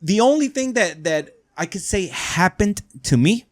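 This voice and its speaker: A man's voice: high-pitched, lively intonation, a little slow, dry recording, studio quality. A man hosting a podcast, telling a story in a rambling way and often asking "right?". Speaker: podcast host. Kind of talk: casual storytelling.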